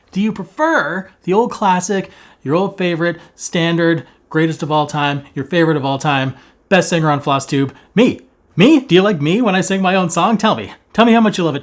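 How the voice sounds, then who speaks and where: A man chats straight to the camera from his home in a hammy, fast-talking way. His voice sits a little high and leaps all over the place. He keeps mocking himself with big theatrical flair. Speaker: cross-stitch vlogger host. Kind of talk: casual chat vlog. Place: at home, indoors. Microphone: camera facing him while seated.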